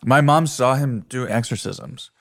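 A man's voice: medium pitch, a little slow, fairly bright tone, dry recording, clean studio sound. A man who is a guest comedian on a podcast, amused and laid-back in casual chat.

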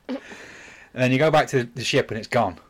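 A man's voice: medium pitch, measured pace, breathy edge. A man, casually retelling a game's plot on a podcast, rambling and apologizing as he goes. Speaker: podcast host. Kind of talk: casual chat.

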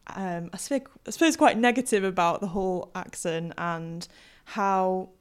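A woman's voice: on the low side, moderate pace, clear, resonant tone. A young woman with a Yorkshire accent tinged with Hull, a linguist talking through her ideas with lots of ums and restarts. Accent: Yorkshire with some Hull. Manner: thoughtful, many fillers and restarts. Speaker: guest historical linguist. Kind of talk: casual podcast interview.

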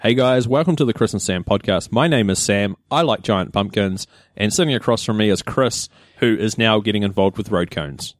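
A man's voice: on the low side, normal speed, few pauses. A man from New Zealand co-hosting a casual podcast, who steers the talk and teases his co-host. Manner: teasing, dry, steers the conversation. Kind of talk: casual chat.

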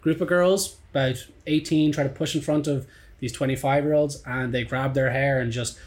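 A man in his twenties with an Irish accent, hosting a podcast and telling stories in a lively, swearing, casual chat. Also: medium pitch, normal speed. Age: 20s. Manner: animated storyteller, swears freely, acts out quotes. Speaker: podcast host.

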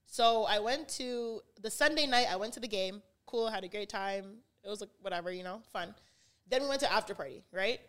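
A young adult woman, a podcast guest, telling stories in casual chat, animated and full of "like", acting out the quotes. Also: medium pitch, fairly quick. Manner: animated, heavy use of "like", acts out quotes.

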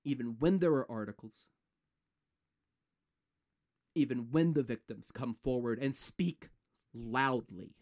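A man's voice: mid-range voice, slow, long pauses, darkish tone. Fired-up, profane male podcast host. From United States. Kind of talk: ranting solo podcast.

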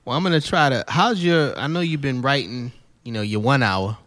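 A man hosting a podcast, interviewing a guest with quick affirmations and a playful manner. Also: medium pitch, a bit bright, dry recording. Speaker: podcast host.

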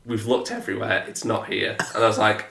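A man, telling a story in a casual podcast chat, animated and swearing, mimicking others in a flat lowered voice. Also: brisk, vocal fry. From England. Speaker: podcast co-host. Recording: echoey room.

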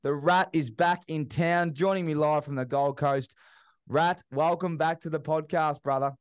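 A man's voice: on the high side, steady tone, moderate pace, smooth, no room sound, studio quality. Chatty Australian man hosting a podcast. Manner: chatty, upbeat, matey banter. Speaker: podcast host. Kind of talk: casual sports podcast chat.

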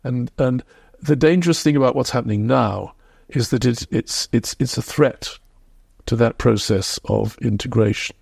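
Gravelly, husky man explaining history. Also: mid-range voice, darkish tone, no room sound, studio quality. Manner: reflective, measured explaining. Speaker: historian guest. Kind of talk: podcast interview.

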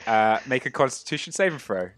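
A man's voice: mid-range voice, lively intonation, a little fast, a bit bright, no room sound. A man narrating as game master of a tabletop game, rambling with many fillers.

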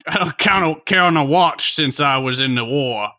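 A man's voice: fairly high pitch, lively intonation, moderate pace, bright, forceful tone. A man playing an old male Southern pitmaster and war veteran, with a drawling Southern accent and a folksy, sly manner.

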